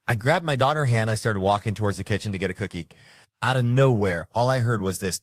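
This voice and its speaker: Guy doing standup, lowish voice, chatty storytelling, dry close mic. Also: fast, no echo. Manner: conversational storytelling, animated asides. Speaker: stand-up comedian. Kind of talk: stand-up comedy.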